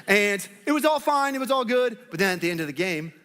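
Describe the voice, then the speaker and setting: A man's voice: sits high, fast, few pauses, fairly bright tone. A man preaching a sermon, playful and joking with his congregation. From Northwest Arkansas, United States. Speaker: pastor. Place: church hall with congregation. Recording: long hall reverb.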